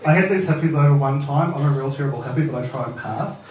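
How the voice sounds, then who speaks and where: Man, New Zealand accent, thirties, stand-up comedy, laughs a lot, swears, boomy room. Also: quick pace, a little mellow, slight background noise. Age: 30s. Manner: casual, sweary, laughing at his own jokes. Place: open mic comedy venue. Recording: echoey room, heard from far off.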